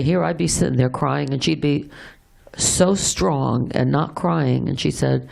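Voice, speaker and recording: A middle-aged woman giving a heartfelt memorial speech for a friend, halting and tender, with many pauses and restarts. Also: low voice, gravelly, darkish tone.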